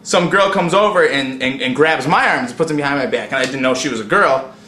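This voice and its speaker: A man in a casual interview, telling a story in an excitable, profane way and saying "dude" constantly. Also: mid-range voice, fast talker, a little hiss or hum. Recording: echoey room.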